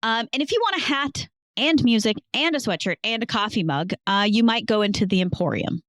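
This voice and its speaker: A woman's voice: on the high side, expressive, brisk, fairly bright tone, no echo, clean studio sound. A woman hosting a casual podcast, playfully telling a history story to her co-host and laughing easily.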